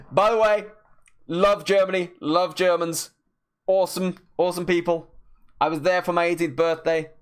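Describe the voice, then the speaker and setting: Man, art streamer, casual chat, slow deliberate delivery, pauses, rambling restarts. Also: high voice, fairly even intonation, clear, resonant tone.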